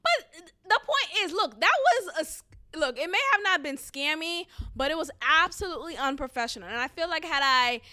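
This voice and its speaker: A woman telling a story to camera in a casual rant, blunt and animated, swearing freely and laughing between lines. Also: high-pitched, normal speed.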